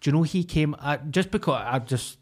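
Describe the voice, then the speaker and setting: A man's voice: on the high side, fairly quick. A Scottish man co-hosting a comedy podcast, chatting in a blunt, sweary, jokey way. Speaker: podcast co-host. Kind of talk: casual comedy podcast chat.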